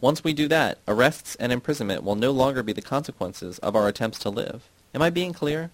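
A man's voice: medium pitch, lively intonation, fairly quick, no echo, natural voice. A man reading the part of an earnest, defensive young man who argues his point at length. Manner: earnest, argumentative explaining.

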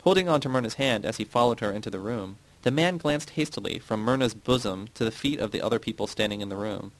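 A man narrating a novel in a measured reading voice, giving the characters' quotes a light touch. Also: mid-range voice, expressive, poor audio. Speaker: audiobook narrator. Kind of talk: scripted narration.

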